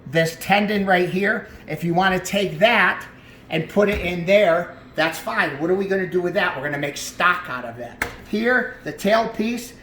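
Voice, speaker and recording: A man's voice: high voice, normal speed, fairly bright tone, a little hiss or hum. A man, a chef, talking viewers through trimming a tenderloin in a casual cooking demonstration, chatty and asking them questions. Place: kitchen. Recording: echoey room with faint ambience.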